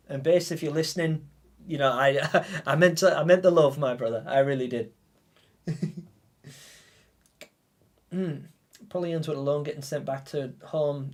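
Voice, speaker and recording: A man livestreaming a game, thanking viewers in a heartfelt, stammering, emotional way. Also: mid-range voice. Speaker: gaming livestreamer. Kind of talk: live-stream chat with viewers.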